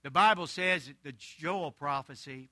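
Older pastor telling a folksy sermon story. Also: male voice, a little high, unhurried, bright, forceful tone, no echo. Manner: homespun storyteller, chuckling asides.

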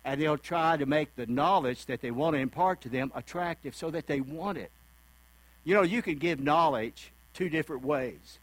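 A folksy male preacher delivering a sermon in a fairly high voice. He talks conversationally and slips into the voices of the people he quotes. The sound is dry and close, with a faint mains hum underneath. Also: moderate pace, dry recording, rough recording.

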